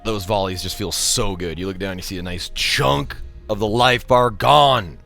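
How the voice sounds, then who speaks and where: A man live-streaming a video game, thanking subscribers, joking, and bursting out loudly at the action. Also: fairly low pitch, normal speed, creaky, faint music behind. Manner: loud sudden outbursts while playing.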